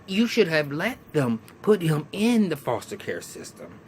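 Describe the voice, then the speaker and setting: A man's voice: fairly high pitch, sing-song, unhurried, few pauses, a little hiss or hum. A man casually recapping and reviewing a TV episode, chatty and colloquial, with frequent restarts and laughter.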